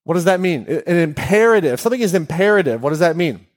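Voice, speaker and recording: A man hosting a podcast, speaking in an animated way to a live audience and putting questions to them. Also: on the high side, quick pace. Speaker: podcast host.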